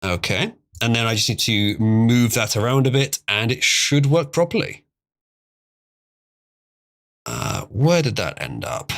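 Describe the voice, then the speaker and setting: Pausing often, he speaks at a measured pace in a medium, slightly bright voice with big pitch swings. He's a livestream host who rambles casually and chuckles through the viewer donations he reads.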